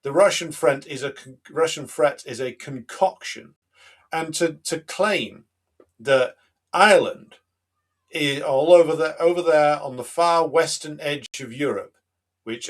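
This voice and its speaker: A man's voice: on the high side, measured pace. A man hosting a live political stream, talking in an emphatic, combative way with frequent fillers. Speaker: host of a political livestream.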